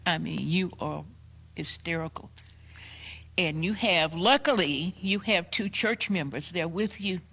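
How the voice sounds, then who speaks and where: An older woman tells a family story of loss, unhurried and heavy with feeling. She sinks to a hushed voice for the hardest words. The recording sounds dull and a little muffled. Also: on the low side, creaky, slightly rough. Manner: slow, emotional retelling with soft hushed quotes. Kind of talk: personal storytelling.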